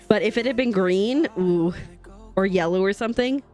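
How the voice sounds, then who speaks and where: With faint music playing, a young woman livestreams her crafting from home on a desk mic, chatting and rambling while she stitches and reading and answering her chat bubbly. Her mid-range voice has a darkish tone and moves at a normal speed.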